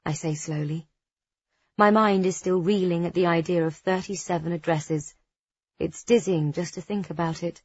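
A woman narrating a first-person novel as an audiobook, with a measured, expressive delivery. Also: on the low side, breathy edge, no room sound. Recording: dull, dry studio recording.

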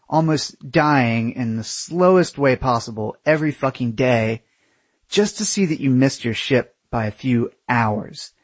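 A man's voice: medium pitch, husky, dry recording. A man telling a story in a casual, conversational way, full of swearing and sarcastic asides.

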